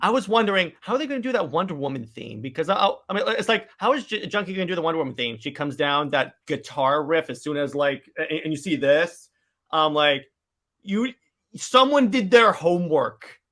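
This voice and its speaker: A man co-hosting a podcast in casual chat, talking excitedly with many stammered restarts. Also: on the high side, fairly quick. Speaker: podcast co-host.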